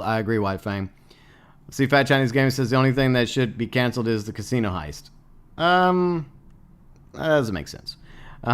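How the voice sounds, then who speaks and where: Man, livestream host, casual chat, rambling, blunt, swears, filler-heavy, mid-pitched voice. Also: a bit bright. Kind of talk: casual live-stream chat reading viewer comments.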